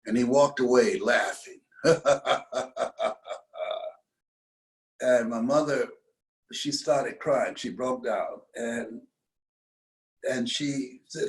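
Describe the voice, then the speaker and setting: The recording is poor, carrying the medium-pitched voice of an older American man. He's a guest in an interview, recounting a motivational story and easing his pace to emphasize key phrases.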